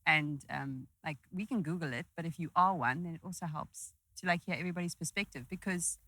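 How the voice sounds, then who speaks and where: A woman hosting a casual podcast, asking questions in an animated, exclamatory way. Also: deep voice, a little fast, no echo. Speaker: podcast host. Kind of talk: casual chat.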